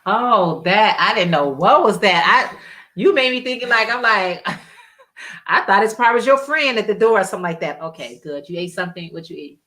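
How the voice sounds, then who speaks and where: A woman chatting casually on her live stream with a bright, forward tone. She rambles from one thought to the next and reads viewers' comments aloud. She laughs often between her thoughts. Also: mid-range voice, expressive, normal speed. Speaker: livestream host.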